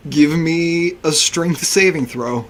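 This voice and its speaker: A man narrating a tabletop game as game master, slowing to hushed description. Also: on the high side.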